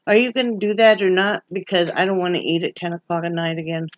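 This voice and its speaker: A woman's voice: on the low side, fairly even intonation, fast, no room sound, muffled recording. A woman from Wyoming chatting at home for her vlog, rambling and restarting her sentences. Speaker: vlogger. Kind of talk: casual home chat. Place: at home, indoors.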